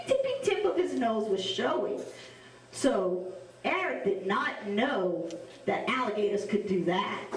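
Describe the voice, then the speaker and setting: A woman from south Louisiana with a Cajun accent, telling a story to children in an animated, drawn-out way and asking them questions. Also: on the high side. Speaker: storyteller and face painter. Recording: echoey room from a distance.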